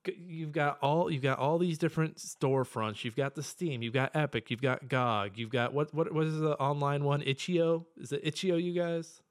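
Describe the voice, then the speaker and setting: A young man co-hosting a casual podcast, ranting profanely and excitably, with sudden bursts of yelling. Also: on the high side, moderate pace, hardly any pauses. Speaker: podcast co-host.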